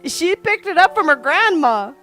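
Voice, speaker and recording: A woman's voice: extremely high pitch, very animated, normal speed, fairly bright tone, soft background music. A woman streamer reading a game's story text aloud and reacting with laughs and comments.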